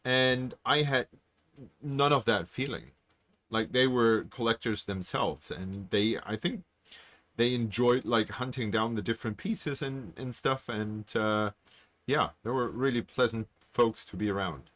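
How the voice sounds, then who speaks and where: A man co-hosting a casual video-call chat, relaxed and thoughtful with many fillers. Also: mid-range voice, measured pace. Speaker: podcast co-host.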